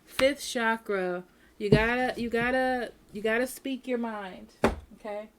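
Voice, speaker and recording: A woman's voice: a little high, unhurried, background noise. A woman giving a casual tarot reading at home, speaking frankly and repeating herself, often checking in with "okay?". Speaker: tarot reader.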